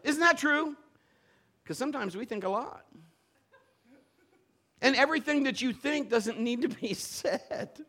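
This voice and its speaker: A man preaching a sermon, telling lively personal stories and acting out the voices of the people in them. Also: very high-pitched, unhurried, long pauses. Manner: animated storytelling, playful quoted voices. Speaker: pastor.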